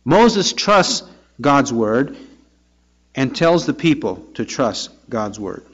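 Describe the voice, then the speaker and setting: A man's voice: medium pitch, very animated, slow pace, husky. A man preaching a sermon verse by verse, reading scripture aloud and then pressing his listeners with rhetorical questions. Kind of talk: expository sermon. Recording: dull lo-fi recording.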